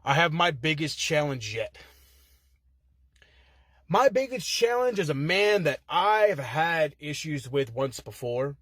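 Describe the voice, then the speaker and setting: A man's voice: a little high, very animated, slow pace, a bit bright, no room sound, studio quality. A man recorded inside a car, cutting a swaggering wrestling trash-talk promo full of heated profanity. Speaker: contestant in an online promo-cutting contest.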